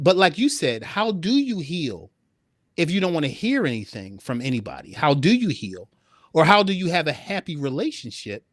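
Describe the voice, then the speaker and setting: A man co-hosting a live talk about relationships, asking questions in an animated way with frequent restarts. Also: fairly high pitch, no echo, studio quality. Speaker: co-host.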